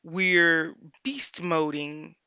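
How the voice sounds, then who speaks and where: A woman life coach hosting a solo podcast, speaking earnestly and repeating her points for emphasis, pausing often to think aloud. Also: deep voice, steady tone, pushed and bright, clean tone, dry recording.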